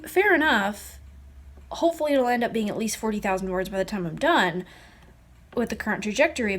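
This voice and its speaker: A young woman, chatting casually in a writing vlog, rambling with lots of fillers. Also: on the high side. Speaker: vlogger.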